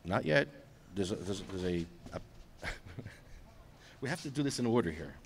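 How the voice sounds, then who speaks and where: A man's voice: low-pitched, animated, moderate pace, vocal fry, slight background noise. A man hosting a live podcast outdoors at a public event, chatting casually and teasing his co-host. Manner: joking, teasing.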